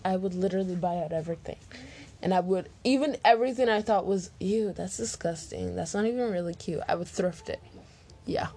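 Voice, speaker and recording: A teenage girl answering Q&A questions for her vlog in a rambling, chatty way, full of fillers, into a laptop mic. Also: mid-range voice. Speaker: vlogger. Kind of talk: casual Q&A vlog. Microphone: laptop microphone.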